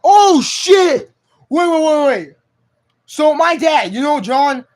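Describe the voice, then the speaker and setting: A man's voice: very high-pitched, animated, a little slow. A young man live streaming from home on his phone, chatting to his cat in slangy, profane speech. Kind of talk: casual live stream chat.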